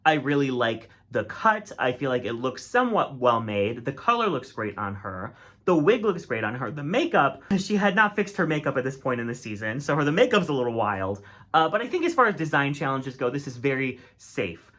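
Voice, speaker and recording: A man's voice: medium pitch, big pitch swings, brisk, fairly bright tone. A man giving a casual, opinionated critique monologue, chatty and full of filler words. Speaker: drag race commentator.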